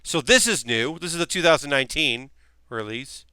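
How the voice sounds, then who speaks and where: A man's voice: a little high, animated, moderate pace, pushed and bright, clean tone, dry recording. A man live-streaming a model kit build, chatting casually to his viewers, ranting and rambling with lots of fillers.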